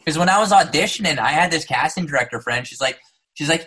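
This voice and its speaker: A man's voice: fairly high pitch, fast talker, breathy edge. A man from Saskatchewan, an actor with a trained neutral North American accent, chatting animatedly as a podcast guest and acting out the people he quotes. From Saskatchewan, Canada. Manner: animated storyteller, acts out quotes. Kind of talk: casual podcast interview.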